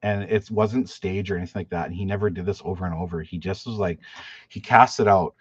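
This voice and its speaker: A deep-voiced man speaks briskly with a husky texture and fairly even intonation. He's a fishing guide and YouTuber hosting a live-stream chat, reading viewer questions and rambling through stories with lots of restarts, fillers and "like." The dry, dull, lo-fi audio has no room sound.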